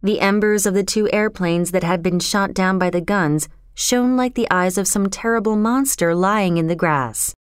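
Female audiobook narrator, smooth and crisp, measured delivery, dry close sound. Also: mid-range voice, no room sound.

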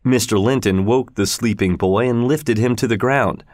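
A man narrating a storybook in a slow, measured reading style. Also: mid-range voice, a little mellow, dry recording, clean studio sound.

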